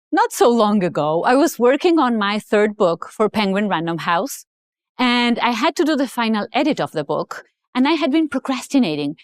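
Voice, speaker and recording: A woman author giving a motivational talk, telling a personal story in an emphatic, animated way. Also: mid-range voice, dry recording. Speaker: author and speaker.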